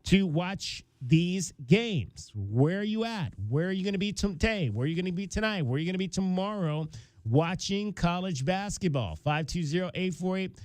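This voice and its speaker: Fairly high-voiced male sports radio host. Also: expressive, moderate pace, darkish tone, dry recording. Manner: conversational, with frequent fillers and restarts.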